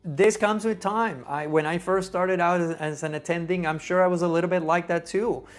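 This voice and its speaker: Male doctor giving gentle advice in a casual lesson, voice a bit on the high side. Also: steady tone, moderate pace, soft background music. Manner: earnest, conversational, gentle advice. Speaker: neonatologist. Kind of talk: casual teaching talk.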